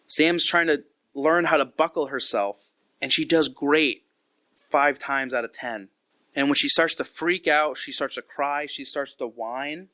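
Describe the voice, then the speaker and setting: Earnest man giving a bright devotional talk. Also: a little high, normal speed, no room sound. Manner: earnest, conversational, acts out quotes. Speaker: podcast host.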